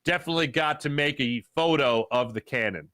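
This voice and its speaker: A man hosting a live sports talk show, reading viewer chat in a jokey, animated way and greeting chatters with loud excitement. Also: mid-range voice, fairly quick, no echo, studio quality.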